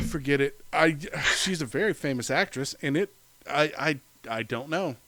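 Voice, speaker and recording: A man co-hosting a podcast in casual chat who rambles with enthusiasm and fills his pauses with many fillers. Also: fairly high pitch, lively intonation, sharp tone, no room sound. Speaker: podcast co-host.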